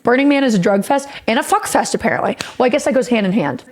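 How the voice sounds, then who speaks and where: A woman's voice: fairly high pitch, animated, fast talker, darkish tone. A woman streamer telling a rambling story in a casual, profane way, often laughing.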